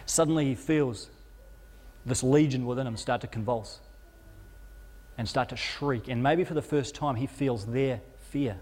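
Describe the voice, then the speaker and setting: A man's voice: medium pitch, unhurried, a little mellow, long reverb tail. A male preacher telling a story as a sermon, vivid and dramatic, rising and falling in intensity with occasional stumbles. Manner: vivid retelling that rises and falls in intensity, with stumbles.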